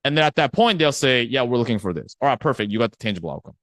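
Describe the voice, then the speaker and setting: A man's voice: medium pitch, very animated, racing, fairly bright tone, no echo, clean studio sound. A man teaching a live online sales training in a conversational way, often acting out a prospect's replies and checking in with his audience. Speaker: sales coach.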